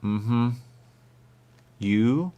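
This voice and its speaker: A man's voice: animated, drawn-out words, dark tone, clear, resonant tone. A man in absurd comedic banter, arguing in goofy circles. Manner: goofy, circular arguing with big pitch jumps.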